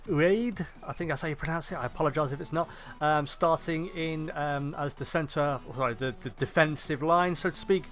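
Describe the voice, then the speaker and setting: A young man giving casual, rambling commentary on a football management game, often correcting himself and cracking jokes. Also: high voice. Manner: chatty, rambling, self-correcting, jokey. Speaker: gaming YouTuber.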